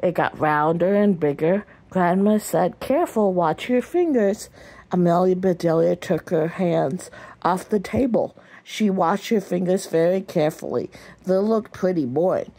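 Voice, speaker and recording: Low-voiced woman reading a picture book. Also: measured pace. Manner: gentle read-aloud with small slips and restarts. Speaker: storybook reader.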